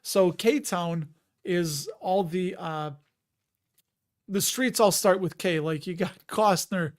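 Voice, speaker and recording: A man's voice: high-pitched, slow. A man with a Chicago accent hosting a casual live stream, rambling and chatty and often laughing as he reads out viewer comments.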